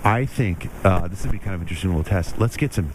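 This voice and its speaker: Male co-host, quick joking banter, lowish voice, faint room noise behind. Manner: rapid, joking, rambling. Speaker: show co-host. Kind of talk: casual banter.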